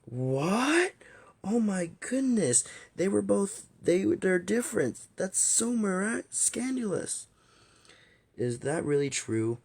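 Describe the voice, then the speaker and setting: A man voicing an excitable young woman who gossips in a breathless, squealing way. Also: medium pitch, measured pace, few pauses, natural voice. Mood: scandalized.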